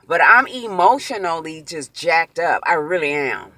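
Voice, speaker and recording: Woman vlogger retelling a bad experience, bright tense tone, dry close sound. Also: low-pitched, measured pace, no echo. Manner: emotional, animated retelling with quoted exclamations. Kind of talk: personal storytime vlog.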